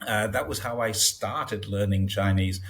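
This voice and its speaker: A man in his sixties, born in Britain, chatting casually in an interview and telling stories with lively acted-out dialogue. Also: lowish voice, measured pace. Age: 60s. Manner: chatty storyteller, acts out dialogue in raised voices. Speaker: guest.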